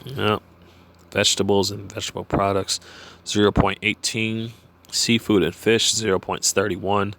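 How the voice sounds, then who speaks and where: A man with a lowish voice reads numbers off a page in a plain, steady way. When he drifts off the text, he rambles and restarts, with plenty of "uh" and "you know" along the way. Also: vocal fry. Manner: halting, many fillers and restarts when off script. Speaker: vlogger. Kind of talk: reading from a page and musing aloud.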